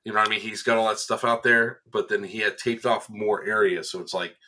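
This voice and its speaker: A man's voice: fairly low pitch, fairly quick, slight background noise. A man chatting casually on a podcast, animatedly recounting a game and acting out what people said. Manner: animated storyteller, acts out quotes with laughs. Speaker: event staff member recounting a game.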